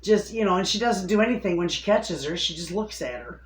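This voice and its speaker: A woman's voice: fairly low pitch, animated, fairly quick, echoey room, rough recording. A woman homestead vlogger chatting casually to the camera from her home, calling her viewers friends. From Michigan, USA.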